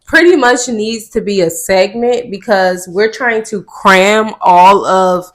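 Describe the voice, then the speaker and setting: A woman's voice: mid-range voice, slow pace. A woman co-hosting a podcast in casual chat, talking emphatically and a little preachy, speeding up when she makes her point. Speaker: podcast co-host.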